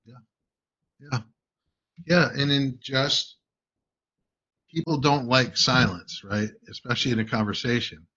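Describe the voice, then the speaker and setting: Host: man, bright forceful voice, emphatic coaching delivery, dull lo-fi recording. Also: medium pitch, fairly even intonation, unhurried, pauses often. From United States. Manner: emphatic, keeps checking in with "right?". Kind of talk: casual coaching talk. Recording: dull lo-fi audio.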